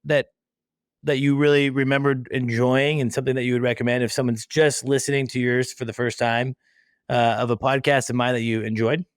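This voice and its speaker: A man's voice: mid-range voice, level tone, a little fast, clear, resonant tone, dry recording, clean studio sound. A man hosting a podcast, chatting casually in a rambling, self-deprecating way. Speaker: podcast host. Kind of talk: casual interview chat.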